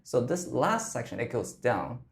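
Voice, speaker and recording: Vocal coach, male, explanatory, lively pitch, demos phrases mid-lesson. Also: measured pace, creaky. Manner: explains, then sings or demonstrates lines. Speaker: singing coach.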